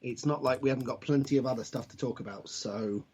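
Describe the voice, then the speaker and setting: Talking fast in a medium-pitched, slightly mellow, husky voice, this man co-hosts a wrestling podcast. His casual chat wanders, jokes around, and often corrects itself. The audio is dull and lo-fi.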